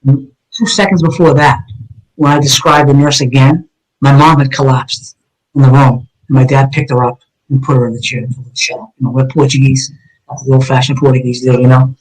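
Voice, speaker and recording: A man's voice: mid-range voice, flat delivery, a little fast, low-quality recording. A man, a retired police detective, earnestly recounting an emotional personal story in an interview, with frequent ums and uhs.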